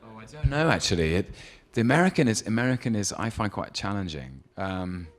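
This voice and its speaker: In an on-stage interview, an actor tells relaxed anecdotes and gives advice, thoughtful and hesitant, with frequent ums and easy laughter. His lowish voice is a little fast, with lively intonation.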